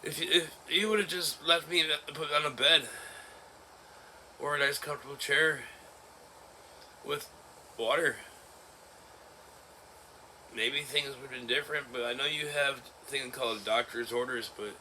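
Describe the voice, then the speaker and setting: A man in his forties talking in a personal vlog, halting and emotional, breaking into nervous laughs. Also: mid-range voice, steady tone, pushed and bright, slight background noise. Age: 40s. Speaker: vlogger. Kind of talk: personal vlog recounting an ordeal.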